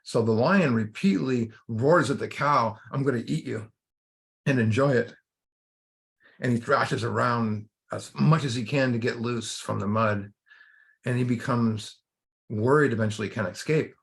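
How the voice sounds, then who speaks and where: A man's voice: medium pitch, normal speed, creaky, fairly bright tone. A man leading a recovery workshop, giving an informal spiritual talk in a rambling way, full of fillers and restarts.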